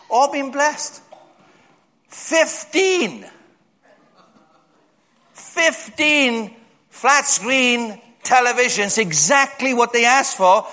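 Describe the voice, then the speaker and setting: A man preaching a sermon in a church hall, telling stories and jumping up high to act out other people's voices. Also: pushed and bright. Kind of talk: storytelling sermon. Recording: long hall reverb.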